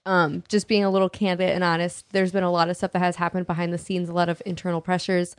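A woman with a somewhat low voice talks openly and conversationally as a podcast co-host. Her speech is full of casual fillers and is recorded dry and close. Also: flat delivery, fast, clear, resonant tone, no echo. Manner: candid, chatty, many fillers. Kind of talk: casual faith podcast chat.

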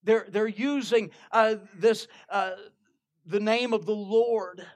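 A man's voice: high voice, fairly even intonation, takes it slowly. A man preaching a sermon, retelling a Bible story and quoting scripture in old King James wording, often restarting his phrases.

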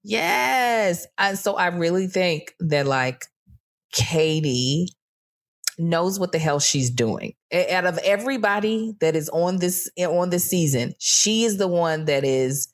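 Woman podcast co-host, casual recap chat, lower voice, swears freely, quick mocking asides. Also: animated. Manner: chatty, swears freely, slips into mocking impressions.

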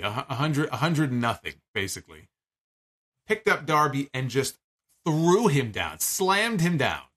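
A man casually recapping a wrestling match, animated and a bit profane, with fillers and restarts. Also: mid-range voice. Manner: animated, profane, incredulous storytelling. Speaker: wrestling show reviewer.

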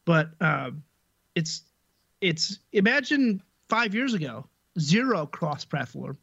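A man's voice: on the high side, big pitch swings, takes it slowly, vocal fry, a bit bright, breathy edge, dry recording, dull audio. A man in a casual podcast chat, reasoning aloud in a matter-of-fact way.

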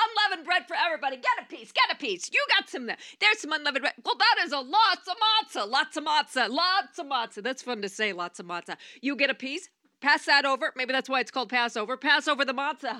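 A brash, over-the-top female talk show host, played by a woman in comedic voiceover takes. Her voice sits high and sounds bright and forceful. It is recorded dry, with no room sound, and she piles on playful ad-libs. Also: dry recording, heavily acted. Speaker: voice actor.

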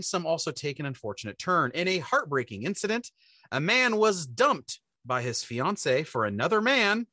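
A man hosting a comedic radio show, telling stories in a rambling, animated way and slipping into put-on voices. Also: high voice, no room sound, studio quality.

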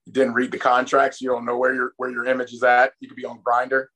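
A man's voice: mid-range voice, monotone, fast talker, sharp tone, breathy edge. A man hosting the interview, throwing in joking, teasing remarks. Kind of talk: casual interview banter.

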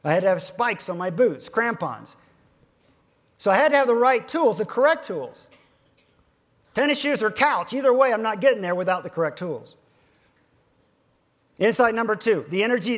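A high-pitched man with lively intonation gives financial advisors a motivational keynote, shifting between booming emphasis and hushed near-whispers. He drags out key phrases by slowing down to stress them.

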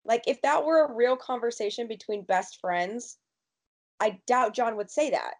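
Woman host, casual recap chat, fairly high voice, quick and emphatic. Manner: quick, emphatic, rushes through opinions. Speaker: podcast host.

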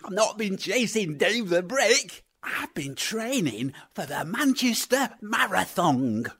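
Children's radio drama: a woman playing a goofy male alien blob, husky, swooping all over. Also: medium pitch, takes it slowly, no room sound, clean studio sound, exaggerated voice. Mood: excitable. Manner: goofy, excitable, garbled words. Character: silly excitable male alien blob, shape-changing.

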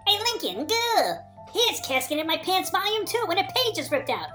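A woman voicing a goofy male lawyer who babbles "goo" in a squeaky voice, with music behind. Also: big pitch swings, moderate pace.

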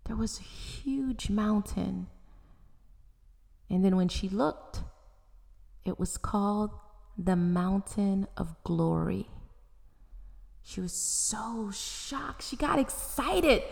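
A woman narrating a story in a slow, dramatic way, often dropping to a whisper. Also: medium pitch, creaky, a little mellow. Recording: long hall reverb.

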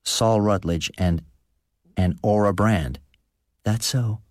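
A man's voice: fairly low pitch, slow pace, dry recording. Man reading cold rustic farm wife, blunt and scornful, audiobook character, dry close sound. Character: bitter, hard rural farm wife, thin and cold.

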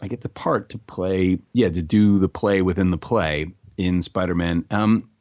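Middle-aged male actor guest, low voice, chatty and stammering, dull lo-fi recording. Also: steady tone, moderate pace, a little mellow, no echo. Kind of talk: casual interview chat.

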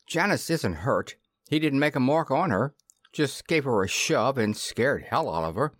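A man voicing a rough male henchman in an audiobook, talking gruffly in slang. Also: medium pitch, very animated, normal speed, a bit bright, no echo, studio quality. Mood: gruff report.

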